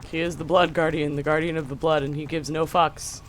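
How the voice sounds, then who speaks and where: A game streamer giving casual live commentary, swearing often, yelling at enemies and chatting with viewers. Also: medium pitch, level tone, fairly quick, a little hiss or hum.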